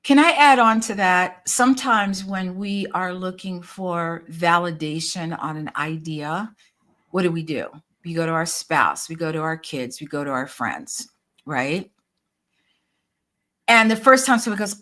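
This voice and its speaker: Woman co-host, very lively pitch, encouraging, chatty podcast talk. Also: normal speed. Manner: encouraging, gives advice, many affirming murmurs. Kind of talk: casual chat.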